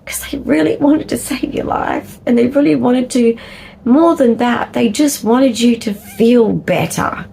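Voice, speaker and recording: A middle-aged Australian woman vlogging candidly, rambling and laughing often, sometimes dropping into a soft whisper. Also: a little high, a little slow, vocal fry, slight background noise, low-quality recording. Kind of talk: candid personal vlog talk.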